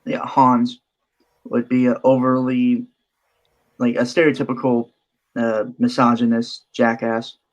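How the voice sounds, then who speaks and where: A man's voice: mid-range voice, monotone, unhurried. Man reading podcast list notes. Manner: reads prepared notes, dry asides. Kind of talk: casual chat mixed with reading a script. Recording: dull lo-fi audio.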